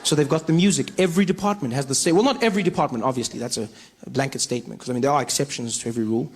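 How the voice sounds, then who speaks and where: A man with a South African accent doing stand-up comedy, telling stories in a playful, animated way. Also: mid-range voice, rapid-fire, slight background noise. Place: comedy stage.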